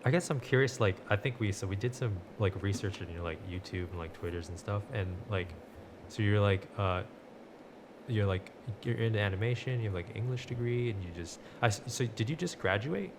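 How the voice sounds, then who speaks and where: A man with a very low, gravelly voice co-hosts a podcast and asks questions in a halting way, full of fillers. Clear background noise hangs under his voice. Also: lively intonation. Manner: hesitant, many fillers. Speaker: podcast co-host. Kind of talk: casual interview questions.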